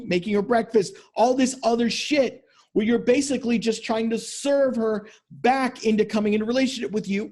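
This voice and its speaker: A man who works as a men's coach hosts a motivational podcast monologue, speaking bluntly and emphatically and swearing a lot. His voice is high-pitched with a darkish tone.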